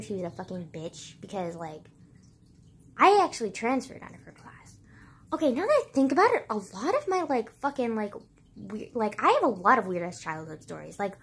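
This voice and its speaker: A woman's voice: mid-range voice, slight background noise. A young woman telling childhood stories to her viewers in a rambling, casual way, full of "like" and swearing. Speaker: vlogger. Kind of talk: casual storytelling to camera.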